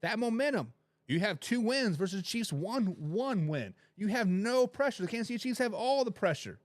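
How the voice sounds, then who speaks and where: A man hosting a sports talk show, his voice sitting high for a man as he rambles and swings between loud and quiet. He talks straight to his viewers. The sound is dry and close, with no room echo. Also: very animated, normal speed. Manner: addresses viewers directly. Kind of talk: casual sports talk with live chat.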